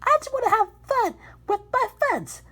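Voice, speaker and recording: Earnest, fun-loving storybook girl, very high and loud; woman reader puts her on. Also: expressive, moderate pace, heavily acted. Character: cheerful honest girl, fun-loving and sweet.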